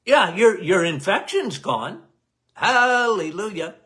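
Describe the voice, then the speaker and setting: A man hosting a health podcast in a casual talk, loud and emphatic, repeating key phrases and calling listeners guys. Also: lively intonation, slow pace. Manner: loud, emphatic, cannot lower his volume.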